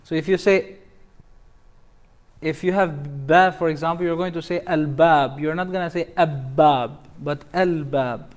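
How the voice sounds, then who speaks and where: A man's voice: a little high, fairly even intonation, normal speed, pauses often. A man teaching a tajweed class as imam, quizzing students letter by letter and reciting each example word.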